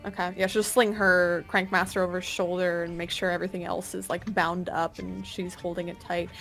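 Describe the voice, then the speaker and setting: A woman's voice: fairly low pitch, flat delivery, a little fast, creaky, hardly any pauses, fairly bright tone, faint music behind. A woman playing a tabletop role-playing game, chattily asking about and describing her character's actions. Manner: chatty, questioning. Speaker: player. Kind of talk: casual tabletop play.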